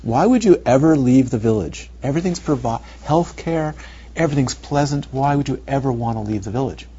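A male meditation teacher giving a dharma talk, animated and rhetorical, sometimes dropping to near whispers, on a muffled recording. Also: medium pitch, a little fast, husky. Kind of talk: dharma talk to retreat students. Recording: muffled lo-fi recording with faint noise.

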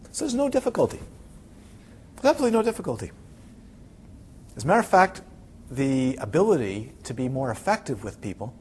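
A man's voice: a little high, slight background noise. A man teaching a Buddhist class to a room of students, asking them many questions and acting out little quotes. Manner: animated, asks the audience many questions, acts out quotes. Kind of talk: dharma talk to a class.

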